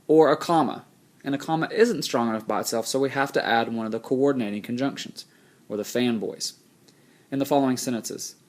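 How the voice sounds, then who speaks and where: A man teaching a recorded grammar lesson, explaining rules plainly and slowing down to read example sentences aloud. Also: medium pitch.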